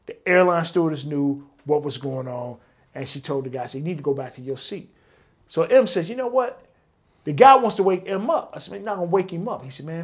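Middle-aged guy, interview guest, animated raconteur acting out the dialogue. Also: on the high side. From Detroit, US. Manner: animated, acts out quoted dialogue. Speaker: interview guest, former bodyguard. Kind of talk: casual storytelling interview.

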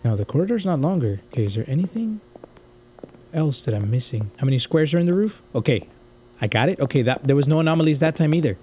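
A young man from the United States commenting casually on a game he plays, swinging from quiet muttering to loud outbursts. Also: fairly high pitch, fast, slight background noise. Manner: excitable, swings from muttering to yelling. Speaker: gaming streamer.

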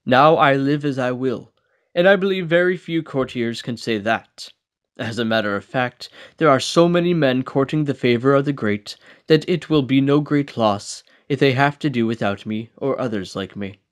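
A man reading an old philosophical book aloud as an amateur audiobook, steady with small slips and restarts. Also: medium pitch, normal speed. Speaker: audiobook reader.

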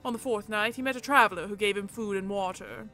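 A proud, scheming peacock, as a woman plays him spins a tale in a haughty voice, lifted a little in pitch and volume. Faint music hums behind him. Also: quick pace, sharp tone, natural voice. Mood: storytelling.

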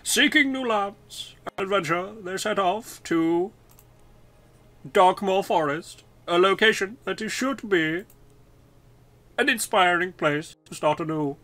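A man's voice: sits high, lively intonation, a little slow, pushed and bright, dry recording, pitched above the performer's own voice, exaggerated voice. A man voicing a posh, stately male narrator for a game intro, with an exaggerated upper-class delivery. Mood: grandiose.

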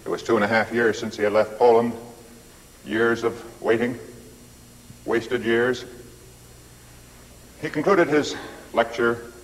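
An older man presenting a documentary in measured, scripted narration with dry, wry asides. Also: medium pitch, steady tone, low-quality recording.

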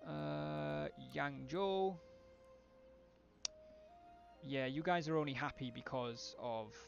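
A man's voice: a little high, slow pace, creaky, lo-fi sound, faint music behind. A man thinking aloud with wry asides as he streams a strategy game live.

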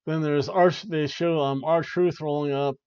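A man's voice: on the high side, steady tone, measured pace, darkish tone, clear, resonant tone, no room sound, muffled recording. A young man hosting a wrestling review podcast, giving casual, joking play-by-play with lots of fillers. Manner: rambling, joking, frequent "uh" and "like".

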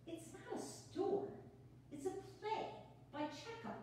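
Picture a woman reading a jittery, talkative songwriter who laughs at her own jokes. Her voice sits high and quick. The sound is roomy and echoey, caught from some way off the mic, with a little background noise. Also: dark tone. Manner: quick, jittery, self-mocking, laughs often. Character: nervous chatty young woman lyricist. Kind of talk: reader's theater play reading. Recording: echoey room, far from the mic.

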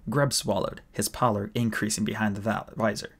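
Gravelly man reading a novel aloud. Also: fairly low pitch, steady tone, brisk, few pauses, fairly bright tone. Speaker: audiobook reader.

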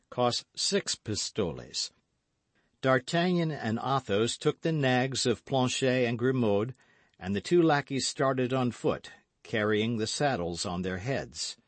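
Male audiobook narrator, lively and expressive delivery, dry close sound. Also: medium pitch, dry recording. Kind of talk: scripted narration.

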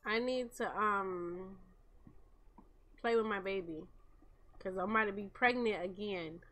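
Unhurried and a bit bright, this young woman's medium-pitched voice carries casual commentary over gameplay, with faint music in the background. She addresses her viewers as "y'all" while she plays.

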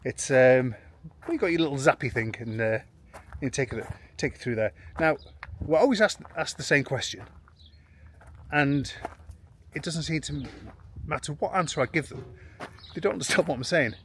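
A man's voice: on the high side, expressive, normal speed, pauses often, fairly bright tone, a little hiss or hum. A man, talking to camera in a casual, rambling family vlog and poking fun at himself. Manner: rambling and self-mocking, with frequent restarts and chuckles. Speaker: expat family vlogger. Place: in and around a home in rural France.

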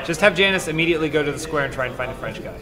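A man's voice: fairly high pitch, expressive, racing. Sarcastic man commenting on a game. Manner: dry sarcastic jokes, mock voices. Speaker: gaming show host. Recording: game music in background.

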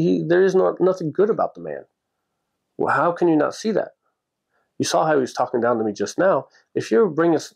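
A man casually telling a personal story on his podcast, plainspoken and animated, acting out the people he talks about. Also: medium pitch, creaky, husky. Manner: plainspoken, with frequent restarts and "you know".

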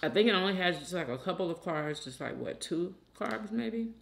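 A woman hosting a mukbang, chatting casually and slowly between bites, humming as she eats. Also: fairly low pitch, animated, vocal fry, slight background noise. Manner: slow, chatty, hums with food in mouth. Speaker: mukbang host. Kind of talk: casual mukbang chat while eating.

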